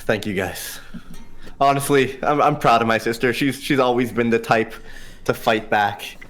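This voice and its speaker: A man's voice: mid-range voice, fairly even intonation, moderate pace, fairly bright tone. A man playing a tabletop game, speaking in character in a hesitant way with repeated words. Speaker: player. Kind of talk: tabletop role-play in character.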